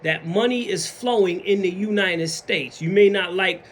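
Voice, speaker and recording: A man's voice: high-pitched, normal speed, slight background noise. A man with a Southern US accent talking casually in a motivational vlog, acting out other people's mumbled excuses. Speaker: vlogger.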